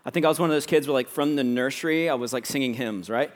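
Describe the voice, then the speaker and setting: A man's voice: medium pitch, quick pace. A young adult man, a pastor, preaching a sermon in a casual, conversational way with many fillers.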